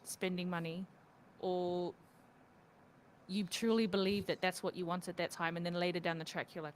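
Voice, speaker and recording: A woman's voice: lowish voice, steady tone, moderate pace, long pauses, slight background noise. Reflective Australian woman, casual chat. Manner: reflective, upbeat, says "like" often. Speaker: podcast co-host.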